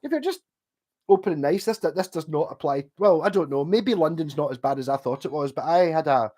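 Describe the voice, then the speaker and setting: A Scottish man in his forties with a slightly high voice, talking casually to a livestream audience. He rambles from story to story, swears freely and often leaves a sentence hanging before starting the next one. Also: expressive, fairly quick, warm tone. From Scotland. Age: 40s. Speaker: livestream host. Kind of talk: casual chat.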